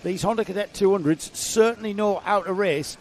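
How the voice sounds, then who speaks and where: A man's voice: high voice, a little fast, a little hiss or hum. A man giving live, chatty race commentary that lifts on the action. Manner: chatty, jokey, rising excitement on action.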